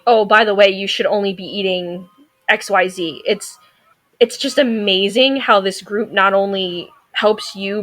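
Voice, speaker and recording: With a slightly bright voice on the high side, a thirtysomething veterinary technician recounts stories as a podcast guest. It's a casual interview chat, and she comes across sassy and outspoken.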